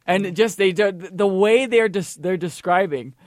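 A man's voice: high-pitched, measured pace, dry recording. A young man co-hosting casual talk radio in a studio booth, earnest and emphatic. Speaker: co-host.

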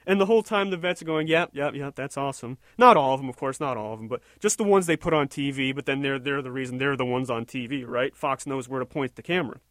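A man's voice: mid-range voice, fast talker, few pauses, a bit bright, no echo, studio quality. A man delivering an indignant, sarcastic opinion rant, rambling and restarting his sentences as he goes. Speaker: political commentator.

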